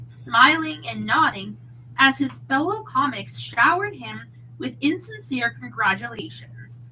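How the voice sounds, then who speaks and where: A woman reading a mystery novel aloud in an expressive, dramatic way. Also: high-pitched, a little hiss or hum, poor audio. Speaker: narrator.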